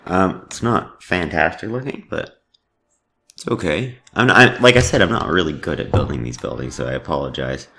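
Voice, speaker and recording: A man's voice: low-pitched, fairly bright tone. A man casually commenting on his own park-building game, rambling with many fillers and self-deprecating asides. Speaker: let's play host.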